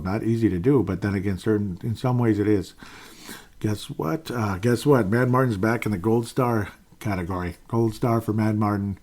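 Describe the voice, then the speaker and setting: Rambling, low-voiced man hosting a podcast. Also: normal speed, a little mellow. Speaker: podcast host. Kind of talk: casual solo sports podcast.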